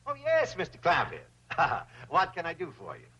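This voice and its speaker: An actor playing a flustered, fawning banker who grovels in a theatrical way, on an old sitcom soundtrack. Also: male voice, fairly high pitch, wildly swooping pitch, moderate pace, pushed and bright, exaggerated voice. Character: fawning, money-hungry middle-aged banker. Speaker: bank president. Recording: dull old TV soundtrack with hiss.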